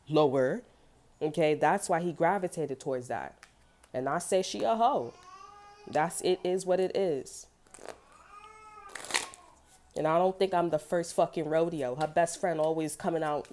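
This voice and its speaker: A woman's voice: on the low side, warm tone. A woman giving a casual tarot reading, venting bluntly with lots of profanity. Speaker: tarot reader.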